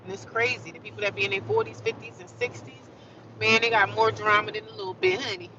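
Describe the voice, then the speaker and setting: Out on a city street, a fast-talking woman with a steady, mid-range voice streams to her viewers, sassy and casual, laughing a lot. Her phone captures dull, lo-fi sound under heavy street noise.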